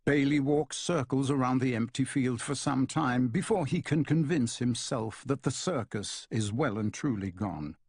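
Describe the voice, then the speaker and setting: A man reading a novel aloud in a calm, measured narration. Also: mid-range voice, breathy edge, no echo, clean studio sound. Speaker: audiobook narrator. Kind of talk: scripted narration.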